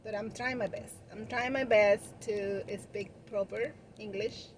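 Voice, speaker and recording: A woman's voice: mid-range voice, steady tone, unhurried, slight background noise, low-quality recording. A woman with a Spanish accent whose first language is Spanish chats casually to camera about running her balloon decor business. She talks in a loose, rambling way, restarting phrases and using fillers as she goes. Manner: chatty, with frequent restarts and fillers.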